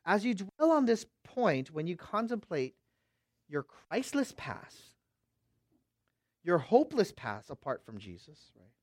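A middle-aged pastor from the West Coast preaching a sermon, dropping to quiet asides and rising to loud, slow proclamations while checking in with "amen?" and "okay?". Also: male voice, high voice, sing-song, no echo, clean studio sound. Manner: swings from hushed asides to loud, drawn-out proclamation; asks the crowd for response with "amen?" and "okay?".

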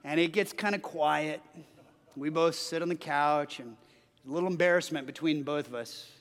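A man in his forties, a pastor preaching a sermon, telling a personal story in an animated way, often restarting his sentences. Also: on the high side, normal speed. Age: 40s. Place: church sanctuary. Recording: long hall reverb.

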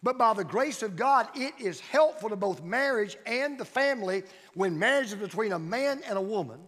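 A male pastor delivers a sermon in a fairly high voice, driving his points home through emphatic repeated phrases. His voice rings out with a long hall reverb around it. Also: animated, normal speed, a bit bright. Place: church sanctuary.

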